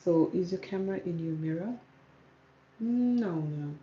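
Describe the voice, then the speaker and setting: A woman from South Sudan, speaking calmly and softly in a casual livestream Q&A as a YouTuber, reading out viewer comments. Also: lowish voice, measured pace, echoey room, muffled recording, a little hiss or hum. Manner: calm, soft-spoken, reads out viewer comments. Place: home room with ring light. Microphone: camera on ring light.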